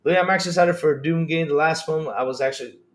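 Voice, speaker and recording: Male gaming streamer, excitable and chatty, slightly higher voice. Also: fast talker. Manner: excitable, repetitive, laughing. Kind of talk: live stream chat with viewers.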